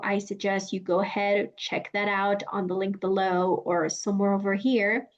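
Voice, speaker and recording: A young woman with a Mexican Spanish accent teaching a lesson, speaking clearly and deliberately and drawing out her example phrases. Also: mid-range voice. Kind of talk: explanatory lesson. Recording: dull lo-fi sound.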